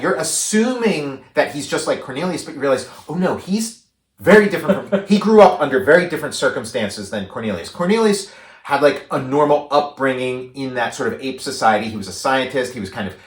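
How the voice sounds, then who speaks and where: A man co-hosts a casual movie-chat podcast, talking in a loose, rambling way full of fillers and restarts. His voice sits in the middle of the range, and the room gives it a roomy echo. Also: medium pitch. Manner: rambling, many likes and restarts, animated when paraphrasing. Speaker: podcast co-host.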